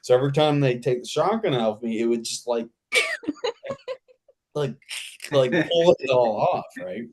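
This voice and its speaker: Man, actor guest, casual storytelling, animated, repeats phrases, chuckles mid-sentence, mid pitch. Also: unhurried, pauses often.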